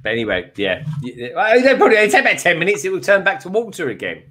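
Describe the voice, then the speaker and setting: A man's voice: high voice, wildly swooping pitch, fast, a bit bright. A man on a live stream panel, chatting and telling jokey stories, laughing often. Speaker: regular panelist. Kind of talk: casual chat.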